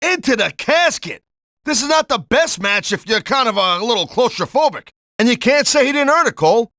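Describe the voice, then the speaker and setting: Gruff wisecracking wrestling color man. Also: very high-pitched, sing-song, brisk, bright, forceful tone, no room sound, clean studio sound. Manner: gruff tough-guy slang, blunt and wisecracking. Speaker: color commentator. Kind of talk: pro wrestling video game commentary.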